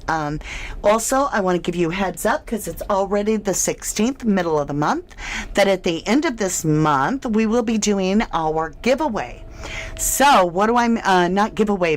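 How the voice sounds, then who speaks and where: A woman hosting a true crime livestream, chatting casually with viewers in a chatty, emphatic, slightly snarky way. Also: medium pitch. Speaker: true crime channel host. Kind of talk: casual livestream chat reading comments.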